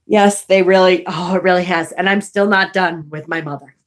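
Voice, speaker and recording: Outraged storytelling woman vlogger, profane. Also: moderate pace. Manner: animated and profane, replaying quarrels in high outraged bursts. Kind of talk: casual storytelling vlog, reading live chat.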